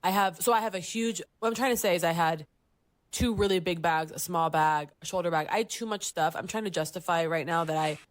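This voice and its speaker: Woman, 30s, podcast co-host. Lower register, close and dry mic. Lively storyteller who jumps into squeaky voices for the quotes. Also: brisk, no room sound. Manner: animated storyteller, acts out voices and jumps up high for quoted lines. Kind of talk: casual chat, telling a story.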